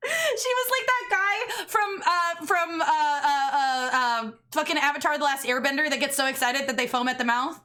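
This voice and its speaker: A woman streamer telling a story in casual chat, animated, laughing and swearing often. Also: high voice, moderate pace, hardly any pauses.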